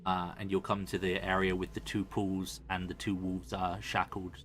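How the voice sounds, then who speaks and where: A man narrating a tabletop game as dungeon master, in a relaxed, halting way with many fillers. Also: sits low, a little hiss or hum.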